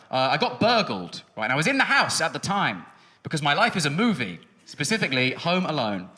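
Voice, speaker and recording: A young man doing a stand-up routine on a music hall stage, ranting with exasperation, swearing freely and dropping into muttered asides. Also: a little high. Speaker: stand-up comedian. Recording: live show with audience noise.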